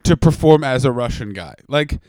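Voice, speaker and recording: A man co-hosting a comedy podcast, telling stories in a profane, fast-talking casual chat. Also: mid-range voice, expressive, a little mellow, no room sound. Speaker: podcast co-host.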